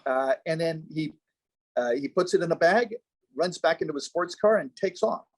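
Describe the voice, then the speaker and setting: A man who is a former television news reporter, telling a story as a guest in a halting, reflective way. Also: fairly high pitch, animated. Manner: halting, recollecting, pausing to find words. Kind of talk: casual anecdotal storytelling.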